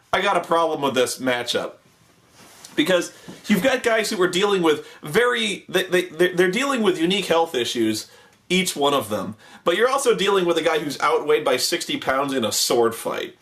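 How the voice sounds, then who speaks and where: A man rants with biting sarcasm and frequent swearing, his voice sitting high and swinging widely in pitch. He mocks the people he is talking about with overdone impressions, sounding exasperated. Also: big pitch swings, normal speed, fairly bright tone. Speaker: host reviewing a TV show. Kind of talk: ranting commentary.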